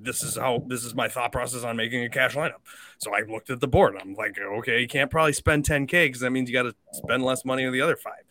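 A man's voice: medium pitch, pushed and bright, no room sound. A man hosting a podcast in casual chat, rambling and talking through his thinking with plenty of fillers. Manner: chatty and rambling, lots of fillers. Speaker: podcast host.

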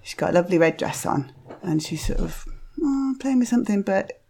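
A middle-aged woman hosting a podcast, chatting in a rambling, self-deprecating way with quiet asides. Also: mid-range voice, animated, brisk, creaky. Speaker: podcast host. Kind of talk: casual chat reviewing cards.

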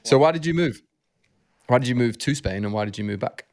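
A man hosting a podcast, asking relaxed, curious questions in casual chat. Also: mid-range voice, a little fast, dry recording. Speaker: podcast host.

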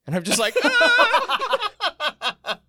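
A man playing a tabletop game, his voice a little higher than most men's. He gets excitable and flustered and jokes around, tripping over his words as he describes what his character does. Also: a little slow. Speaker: player.

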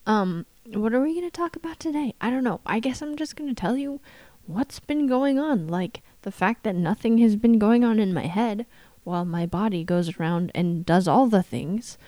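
Hoarse, scratchy-voiced tired woman podcaster. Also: mid-range voice, lively intonation, normal speed, mellow, no room sound. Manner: tired, wry, self-deprecating, laughs often. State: hoarse from shouting. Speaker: podcast host. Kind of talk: casual solo podcast monologue.

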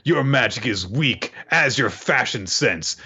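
A man's voice: mid-range voice, lively intonation, unhurried, bright, forceful tone, breathy edge, dull audio, voice pushed up, full character voice. A man voicing a smug, handsome young male rival mage who talks down to others. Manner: arrogant, condescending.

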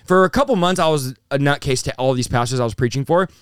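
A man in his thirties, a pastor guest telling his story in an animated, rapid-fire way, peppered with bro and dude. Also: medium pitch, smooth, dry recording, studio quality. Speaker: pastor and revivalist, interview guest. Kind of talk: excited conversational storytelling.

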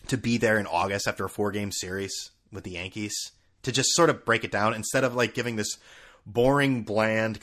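A man's voice: medium pitch, a bit bright. A man hosting a sports podcast, ranting sarcastically and swearing. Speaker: podcast host.

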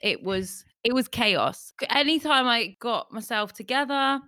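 A woman's voice: on the high side, lively intonation, unhurried, sharp tone, no echo, clean studio sound. A woman comedian co-hosting a podcast, chatty and candid, often laughing while she talks. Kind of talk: casual podcast chat.

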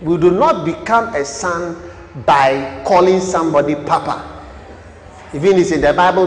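Male preacher, high voice, dramatic swings between loud and hushed, long church-hall reverb. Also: normal speed, slight background noise. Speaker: pastor. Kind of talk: sermon.

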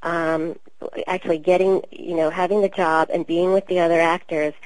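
A woman voice actor from Queens with a New York accent, telling stories in a chatty, relaxed interview. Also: lowish voice, moderate pace, no room sound, rough recording. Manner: chatty, storytelling, relaxed with many fillers. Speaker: voice actor guest. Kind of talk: casual interview talk.

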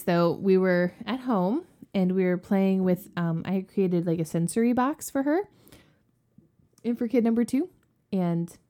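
A woman in her thirties, a podcast cohost, chatting casually and telling stories in an animated way. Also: lowish voice. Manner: animated storyteller. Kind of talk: casual chat.

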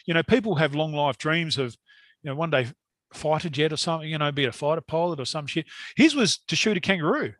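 A man's voice: on the high side, animated, fast, a bit bright, no room sound, studio quality. A middle-aged Australian man telling a long story in casual conversation, rambling and laughing often. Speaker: guest hunter.

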